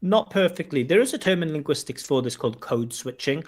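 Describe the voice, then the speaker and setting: Lively man with a light Welsh accent. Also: a little high, a little fast. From Wales. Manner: lively, joking, animated intonation. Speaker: IELTS examiner and host. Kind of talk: casual chat on a video call.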